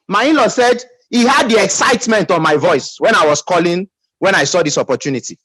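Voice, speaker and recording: A man's voice: sits high, animated, fairly quick, few pauses, a bit bright, husky, no echo, poor audio. A man with a Nigerian English accent giving an emphatic motivational pep talk as a business team leader, calling out for audience responses.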